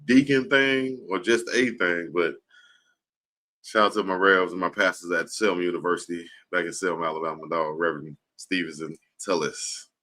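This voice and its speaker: A man co-hosting a casual sports talk show, relaxed and agreeable, giving listeners shout-outs. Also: sits low, normal speed. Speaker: co-host.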